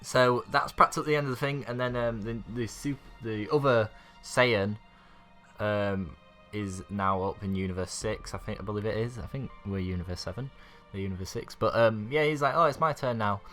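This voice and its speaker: A man's voice: on the low side, normal speed, fairly bright tone, soft background music. Rambling man recapping an episode. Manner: rambling, filler-heavy, chuckles often. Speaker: YouTube anime reviewer.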